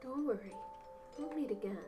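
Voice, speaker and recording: Girl reading a weak sad boy, soft and hesitant, high voice. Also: moderate pace, music in the background, close to an everyday voice. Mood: sad, quiet. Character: frail, sickly young boy, self-doubting and sad.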